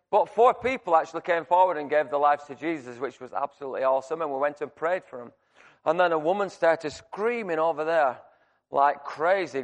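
A man preaching a sermon, telling a personal story in a conversational, animated way with many restarts. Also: fairly high pitch. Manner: shouts to act out screaming.

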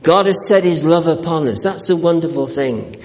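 Male pastor, earnest sermon, slightly high voice, long church-hall reverb. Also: a little mellow. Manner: earnest preaching with repeated words and restarts, slowing for scripture.

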